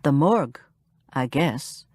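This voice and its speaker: A woman's voice: a bass voice, expressive, slow, darkish tone, no room sound, voice pushed down, exaggerated voice. A woman voicing a flustered older man, a judge shaken by what he just saw, in an audiobook. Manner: flustered, apologetic.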